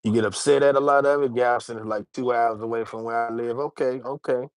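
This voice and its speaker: A man's voice: mid-range voice, fairly even intonation, quick pace, dry recording. A man hosting a casual livestream, rambling loosely and talking straight to his chat. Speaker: livestream host.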